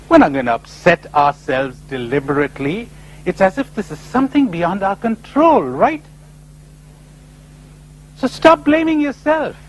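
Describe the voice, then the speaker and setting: Animated man giving a spiritual talk. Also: fairly high pitch, a little hiss or hum, rough recording. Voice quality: animated, rhetorical, acting out imagined voices. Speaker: speaker at a spiritual retreat conference. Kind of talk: lively spiritual conference talk.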